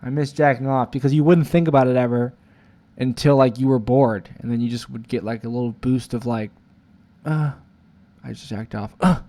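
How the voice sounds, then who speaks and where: A man's voice: medium pitch, fairly even intonation, fairly quick, mellow. A young man in his twenties, rambling through a profane, confessional vlog monologue full of "like" fillers. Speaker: vlogger.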